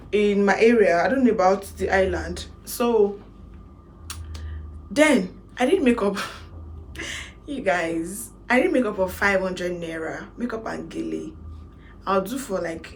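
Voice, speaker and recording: A young Nigerian woman talks straight to camera about her years of work, mid-pitched and animated, dropping in Pidgin phrases. Her recording carries a faint steady hiss of background noise. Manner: animated, mixes in Pidgin, laughs to hold back tears. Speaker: makeup artist vlogger. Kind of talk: casual storytelling vlog.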